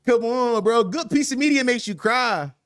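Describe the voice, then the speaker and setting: A man's voice: extremely high pitch, expressive, unhurried, a bit bright, no echo, studio quality. A young man hosting a livestream podcast, talking loosely in slang and reacting to chat with laughs.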